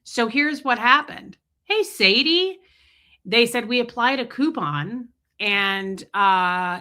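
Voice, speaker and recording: A woman's voice: mid-range voice, unhurried, bright, forceful tone. A woman hosting a live stream, telling a story in a casual, jokey way, acting out both sides of a talk and greeting her viewers as she goes. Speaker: livestream host.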